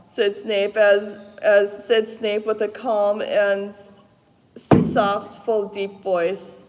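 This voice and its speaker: A woman on a convention panel reading a fan story aloud, halting and stumbling over the words. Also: medium pitch, flat delivery, background noise. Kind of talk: live comedic dramatic reading. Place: convention panel room before a live audience. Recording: echoey convention hall.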